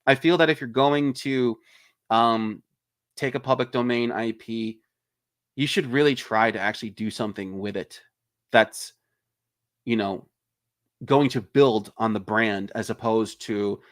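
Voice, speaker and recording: An indie filmmaker chats casually on a livestream, ranting animatedly with plenty of swearing and sometimes acting out quoted lines in a raised voice. His voice is medium in pitch, with a measured pace and long pauses. The studio sound is clean, with no room sound.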